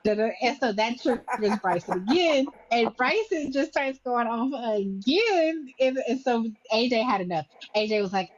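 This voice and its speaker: A woman's voice: fairly high pitch, expressive, lo-fi sound. A woman in casual chat, recapping a chain of online arguments and acting out what each person said. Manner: rapid storytelling, acting out quotes. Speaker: recapping livestream drama for a panel.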